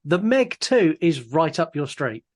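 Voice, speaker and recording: A man's voice: a little high, sing-song, unhurried, a little mellow. A man co-hosting a casual podcast, laughing easily and reading out listener messages. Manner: laughing, restarts often, reads out listener messages. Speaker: podcast co-host.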